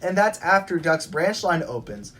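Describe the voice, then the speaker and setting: A woman's voice: lowish voice, sing-song, moderate pace, a bit bright. A young woman co-hosting a podcast, chatting casually with lots of fillers and restarts. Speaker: podcast co-host. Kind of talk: casual fan chat.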